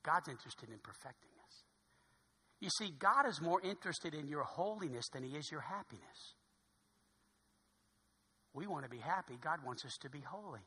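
A man, a pastor preaching a sermon in a church sanctuary, swinging from loud exclamations to hushed tones. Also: a little high, animated, moderate pace, long pauses, slightly rough. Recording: long hall reverb.

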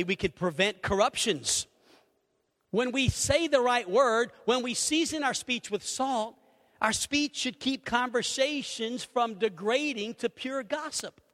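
A middle-aged man preaching a sermon, animated, acting out little conversations and swinging between loud and hushed. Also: very high voice. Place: church sanctuary. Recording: reverberant hall.

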